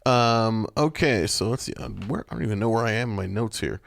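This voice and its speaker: A man's voice: fairly low pitch, a little fast, gravelly, dry recording. A man co-hosting a podcast, recapping a TV episode in casual chat, rambling with many fillers and restarts. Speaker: podcast co-host.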